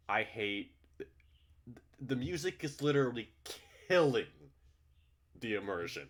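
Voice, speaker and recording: A man's voice: medium pitch, very animated, a little slow, long pauses. A man reading a visual novel aloud for his channel and commenting between lines, prone to exasperated, profane outbursts. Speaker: let's-play host reading a visual novel. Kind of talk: read-through with commentary.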